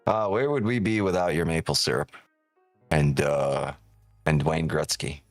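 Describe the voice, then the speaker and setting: A man's voice: very deep voice, unhurried, no echo, soft background music. A man hosting a live trading stream, joking and teasing viewers in casual, profane banter. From New York.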